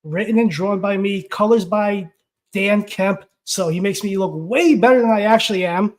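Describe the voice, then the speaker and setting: High-voiced excitable man co-hosting. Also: moderate pace. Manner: excited, rambling, lots of fillers. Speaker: co-host. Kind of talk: casual chat.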